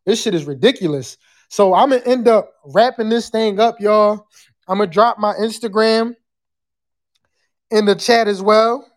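A podcast host chatting live with callers and the chat, loud and profane, sometimes breaking into screams. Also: medium pitch, measured pace.

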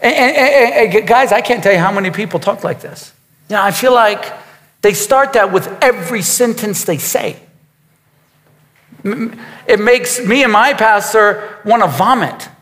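Man preaching, high voice, emphatic and repetitive, long hall reverb. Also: unhurried, fairly bright tone. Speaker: pastor. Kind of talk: sermon.

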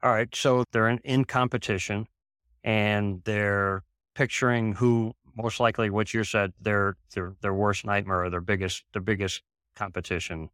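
A man's voice: fairly low pitch, little pitch movement, normal speed, a bit bright, clean tone, dry recording, clean studio sound. A man interviewing a guest, hesitant and often restarting and rephrasing his questions.

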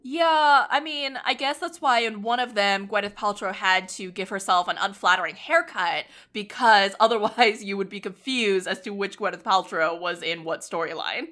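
A woman's voice: medium pitch, moderate pace, few pauses, bright, forceful tone. A woman co-hosting a podcast, chatting casually and sarcastically about a film, laughing often. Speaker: podcast co-host. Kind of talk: casual film review chat.

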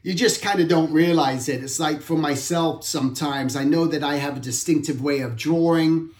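A man's voice: fairly high pitch, moderate pace, darkish tone. A man giving an informal art talk, reflective and rambling, often correcting himself mid-sentence. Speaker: art instructor. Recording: roomy echo.

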